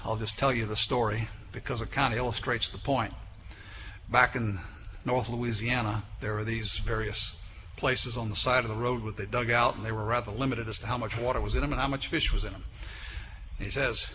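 A man preaching a sermon, building emphatically to forceful peaks and then dropping low. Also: a little fast. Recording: echoey hall with faint noise.

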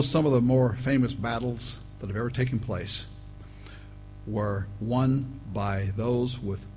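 On a low-quality recording, a man with a medium-pitched voice preaches a sermon, reading scripture aloud. He breaks off to address the listeners as "folks," now and then rising to loud, emphatic bursts.

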